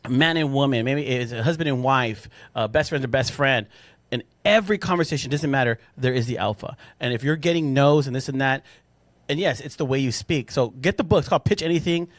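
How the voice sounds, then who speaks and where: A man's voice: mid-range voice, no room sound. A man co-hosting a casual podcast, talking emphatically, repeating his points and speaking straight to listeners. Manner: emphatic, repeats himself, addresses listeners as "guys". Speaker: podcast co-host.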